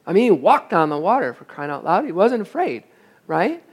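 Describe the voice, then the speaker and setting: A man's voice: high-pitched, sing-song, normal speed, breathy edge. Male pastor, emphatic sermon delivery, full of rhetorical questions to the congregation. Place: church service, also streamed online.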